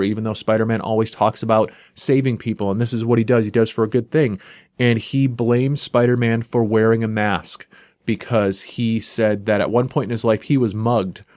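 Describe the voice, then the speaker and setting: A man in the middle of a casual podcast recap, telling a story with lively energy and leaning on "you know" and "like." His voice sits at an ordinary pitch, and the recording is dry and close with no room sound. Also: dry recording. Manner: animated storyteller paraphrasing dialogue, with filler "you know" and "like". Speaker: comic book podcast host.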